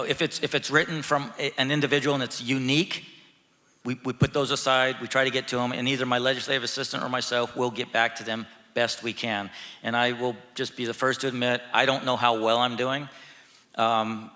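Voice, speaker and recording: A man on a church panel, a state representative, talking candidly and haltingly with frequent restarts. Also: medium pitch, sharp tone. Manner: halting, many restarts, earnest. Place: large church hall, live audience. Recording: long hall reverb.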